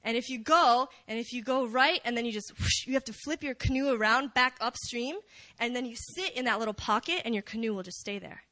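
A young woman preaching casually at a prayer meeting, animated and chatty, joking with the listeners. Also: on the high side, brisk, no room sound. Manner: animated, chatty, jokes with the crowd. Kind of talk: casual sermon.

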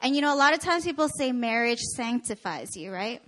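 Woman preacher from Canada, high pitch, animated and laughing at herself in the pulpit. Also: brisk. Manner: animated, laughing, self-deprecating. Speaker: pastor. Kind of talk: sermon with personal stories.

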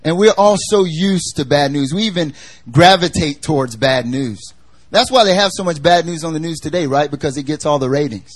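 A man's voice: fairly high pitch, fairly quick. A young man preaching a casual sermon, chatty and jokey, full of fillers as he tells stories.

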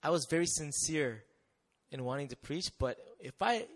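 A young man telling a personal testimony to an audience in a conversational, animated way, often checking in with rhetorical questions. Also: fairly high pitch, moderate pace. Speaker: missionary speaker.

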